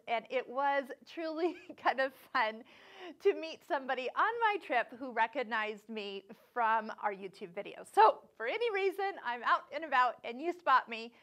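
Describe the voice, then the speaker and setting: Lively high-voiced woman vlogging. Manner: chatty, laughs often, acts out quoted voices. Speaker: sewing channel host. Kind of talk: casual vlog storytelling.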